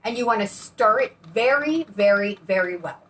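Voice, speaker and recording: A woman co-hosting a painting channel chats in a bubbly, rambling manner while demonstrating paint pouring. Her medium-pitched voice is a bit bright with lively intonation at normal speed, recorded on a distant mic with faint background noise.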